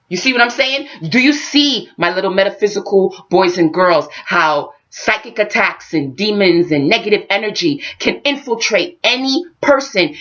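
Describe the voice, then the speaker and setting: Expressive woman vlogger, lo-fi sound. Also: mid-range voice. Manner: expressive, addresses viewers directly. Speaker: spiritual life-advice vlogger. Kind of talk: animated storytelling monologue.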